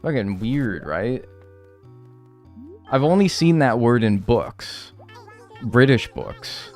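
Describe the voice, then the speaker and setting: A man with a mid-range voice livestreams a game, speaking slowly over soft background music. His casual commentary is animated and rambling, bouncing between chat replies, full of swearing and constant use of "like."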